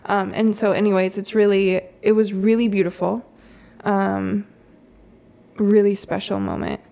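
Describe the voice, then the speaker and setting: Chatty mother with a gravelly edge. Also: mid-range voice, lively intonation, unhurried. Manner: chatty, lots of "like" and soft laughs. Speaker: mother sharing a story. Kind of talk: casual storytelling chat.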